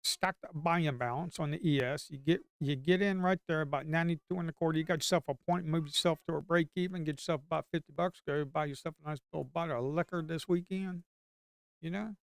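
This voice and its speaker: A man's voice: on the high side, fast talker, creaky, no echo, studio quality. A man giving casual live commentary on his day trading, talking to the chart and coaxing the market along, sometimes cursing under his breath. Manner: talks to the screen, coaxing the market aloud. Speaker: livestream day trader.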